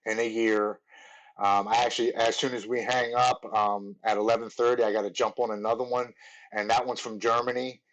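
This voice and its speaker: A man's voice: medium pitch, level tone, a little fast, rough recording. A man in his forties, a podcast guest earnestly telling his recovery story, with lots of "like" and restarts.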